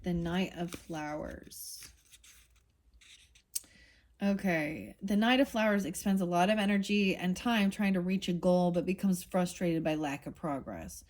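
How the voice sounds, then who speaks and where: A woman's voice: on the low side, unhurried, a little mellow. A woman giving a casual tarot reading, talking bluntly and getting heated, with swearing and many restarts. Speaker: tarot reader.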